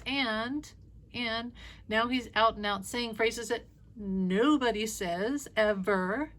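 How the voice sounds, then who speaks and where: Blunt, animated woman talking casually. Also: mid-range voice, slight background noise. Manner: blunt, animated, swears freely. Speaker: spiritual reader. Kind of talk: casual opinionated monologue.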